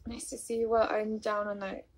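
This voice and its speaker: A woman speaks softly and apologetically about her mood disorder while hosting a casual vlog live stream, welcoming viewers by name and reading their comments out loud. Her voice is medium-pitched with a level tone and a slightly fast pace, and the phone or webcam recording is low quality.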